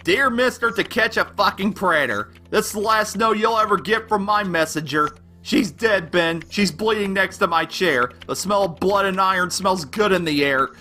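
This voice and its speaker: A man's voice: high voice, normal speed, hardly any pauses, sharp tone, soft background music. A man rapping in rhyme as an obsessive, unstable young male superfan, with a delivery that swings between gushing and menacing, over a backing beat. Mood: unhinged. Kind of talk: rapped fan-letter verse over a beat.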